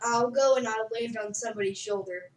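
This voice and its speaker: A woman's voice: on the high side, brisk. A woman playing a tabletop game, speaking briefly and matter-of-factly. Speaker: player. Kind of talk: casual tabletop play. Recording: echoey room, far from mic.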